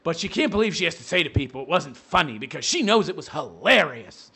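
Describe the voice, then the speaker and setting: A man's voice: on the high side, big pitch swings, fast talker, bright, forceful tone, breathy edge. A man giving a profane, sarcastic rant as a commentary vlogger, mocking the person he is reacting to.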